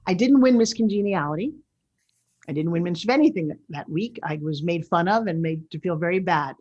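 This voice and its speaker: A woman in her sixties with a New York accent, hosting a show in a loud, brash, animated way. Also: lowish voice, brisk, dull audio. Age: 60s. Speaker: show host. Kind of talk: casual talk-show monologue.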